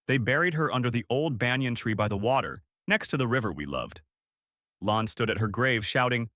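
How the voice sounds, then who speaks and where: A man's voice: medium pitch, expressive, moderate pace, fairly bright tone, no echo, studio quality. A man narrating a sad first-person story in a dramatic, emotional way.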